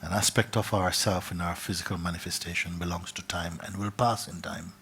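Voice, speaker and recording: A man telling a parable as a spiritual teacher, soft-spoken, often dropping to a whisper and repeating his phrases. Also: deep voice, steady tone, fairly quick, vocal fry, a little hiss or hum. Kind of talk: storytelling in a spiritual gathering.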